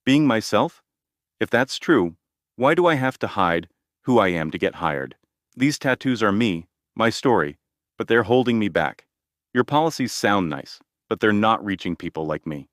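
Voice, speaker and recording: A man reading the lines of a determined, frustrated young woman, in a sharp but steady manner. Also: on the low side, normal speed, dry recording, studio quality. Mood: defiant. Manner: sharp, steady, pushes back.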